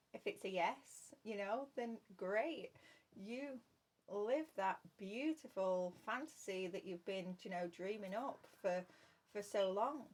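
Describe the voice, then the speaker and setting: A woman giving a spoken tarot reading to her viewers, earnest and repeating her phrases. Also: mid-range voice. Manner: earnest, repeats phrases, addresses listener as love. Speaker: tarot reader.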